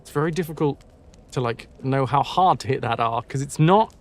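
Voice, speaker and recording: Reading a story aloud on a live stream, a man from Britain speaks at a normal speed in a mid-range voice. He pauses to fix and rehearse words, repeating them, and curses at his own mistakes.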